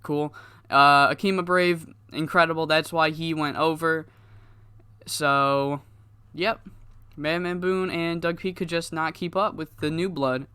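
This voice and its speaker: A man's voice: on the high side, steady tone, unhurried, pushed and bright, smooth, dry recording. A man giving loose, rambling, profane commentary on his game, laughing at himself now and then. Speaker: gaming YouTuber.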